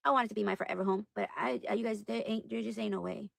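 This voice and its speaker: Woman chatting to viewers, gravelly, fast, rambling, exasperated, dry close sound. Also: medium pitch, steady tone, dry recording. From United States. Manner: rambling, repeats "you guys", exasperated. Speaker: livestream host. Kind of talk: casual chat to viewers.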